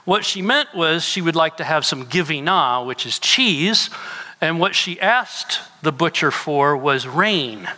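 A man's voice: fairly high pitch, animated, a little slow, bright, forceful tone. A middle-aged man, a pastor, preaching a sermon and asking his congregation questions as he teaches. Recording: long reverb of a large hall.

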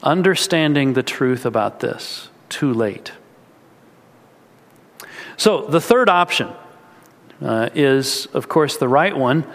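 A man's voice: medium pitch, expressive, takes it slowly, long pauses. A man preaching a sermon, earnest and storytelling, with casual asides to the congregation. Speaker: pastor. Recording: echoey hall.

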